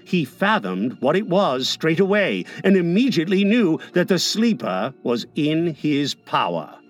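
Dramatic high-voiced male storyteller. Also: measured pace. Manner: dramatic, shifting from hushed to lively. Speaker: audiobook narrator. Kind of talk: expressive storybook reading.

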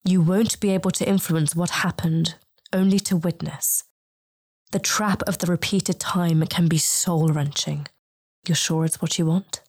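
A woman voicing a wise, solemn female star being who speaks slowly and soothingly in an audiobook. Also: lowish voice, steady tone, a little mellow, slightly rough. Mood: calm. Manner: slow, measured, soothing. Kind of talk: audiobook character reading.

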